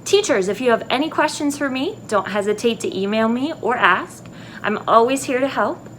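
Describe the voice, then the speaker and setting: Woman teacher talking slowly to young kids. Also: a little high, animated, a bit bright, slight background noise. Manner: slow, clear teacher talk to young kids. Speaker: elementary music teacher. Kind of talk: video lesson for children. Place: empty classroom.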